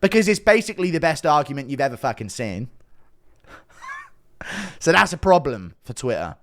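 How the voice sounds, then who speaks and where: A man's voice: mid-range voice, sing-song, moderate pace, a bit bright. A man ranting casually as an online commentator, defensive and sarcastic, swearing often. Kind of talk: casual rant to camera.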